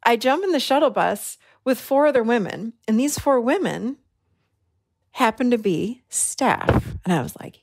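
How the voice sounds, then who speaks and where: A woman hosting a podcast, telling a personal story in an animated way and acting out the voices she quotes. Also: on the high side, moderate pace, vocal fry, no room sound, clean studio sound. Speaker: podcast host. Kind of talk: storytelling monologue.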